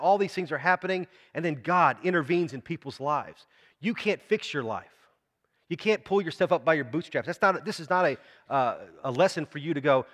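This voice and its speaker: Preaching in a large hall, this pastor talks to his congregation in a conversational way and asks them questions. His male voice sits on the high side and sounds a bit bright.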